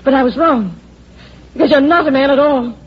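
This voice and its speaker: A woman playing a sharp-tongued, bitter secretary. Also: high-pitched, fairly quick, close to an everyday voice. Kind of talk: 1940s radio acting. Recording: dull lo-fi old radio recording with faint music.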